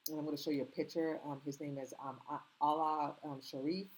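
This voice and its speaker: Low husky-voiced woman with slight accent. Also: flat delivery, brisk, darkish tone, poor audio. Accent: slight foreign accent. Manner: earnest, rambling, many ums and restarts. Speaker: commentary channel host. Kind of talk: casual opinion commentary.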